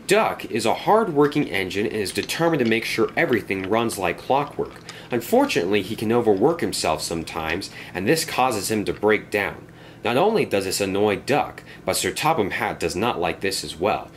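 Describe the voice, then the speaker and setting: A man narrating a children's storybook tale in an expressive, animated way. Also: fairly low pitch, moderate pace, slight background noise.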